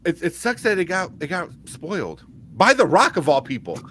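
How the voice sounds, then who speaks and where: A man's voice: sits high, big pitch swings, moderate pace, a bit bright, slight background noise. A man co-hosting a podcast, casually recapping a movie scene in a rambling way, acting out the characters' lines. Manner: rambling recaps with acted-out quotes. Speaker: podcast co-host. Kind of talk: casual chat.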